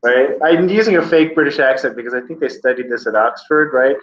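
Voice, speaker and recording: A man's voice: mid-range voice, fairly quick. A man teaching a test-prep class in a casual, joking, encouraging way. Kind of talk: classroom lesson. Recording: roomy, slightly dull classroom recording.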